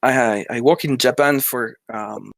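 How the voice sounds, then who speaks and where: A man's voice: medium pitch, measured pace, vocal fry, fairly bright tone, no room sound. Hesitant French-accented man, dry sound. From France. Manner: hesitant, many restarts and laughs. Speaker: indie game developer. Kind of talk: casual interview chat.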